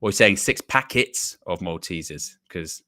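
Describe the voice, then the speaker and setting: A man's voice: low voice, animated, unhurried, sharp tone. Chatty British male stream co-host. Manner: joking, reads out viewer messages, mimics a bad mic. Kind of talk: casual live-stream chat.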